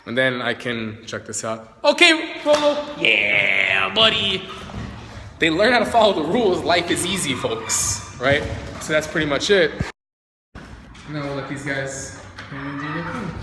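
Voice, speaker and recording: A man's voice: a little high, lively intonation, moderate pace, background noise. A man, a dog trainer, talking casually on a live stream, chatty and often asking "right?" while working with dogs. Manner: chatty, talks to viewers and dogs, frequent "right?" and "like". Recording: echoey room with long reverb.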